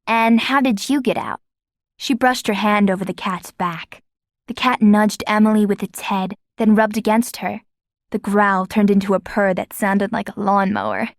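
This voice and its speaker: A woman narrating an audiobook in a lively, expressive storytelling manner. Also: mid-range voice, normal speed, gravelly, dry recording, clean studio sound. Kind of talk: scripted narration.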